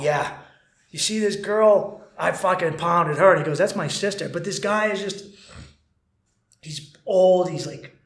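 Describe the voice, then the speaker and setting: Casting note: male podcast host, thirties, blunt and animated, higher voice, echoey room. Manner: blunt, animated, swears freely. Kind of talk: casual podcast monologue. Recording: roomy echo.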